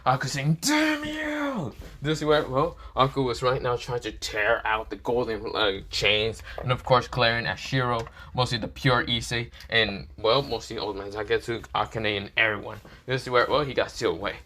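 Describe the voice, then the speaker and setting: A man's voice: medium pitch, fairly even intonation, moderate pace, few pauses, bright, forceful tone, a little hiss or hum. A man casually narrating an improvised fan story, rambling with swearing. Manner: rambling, many fillers and restarts, swearing.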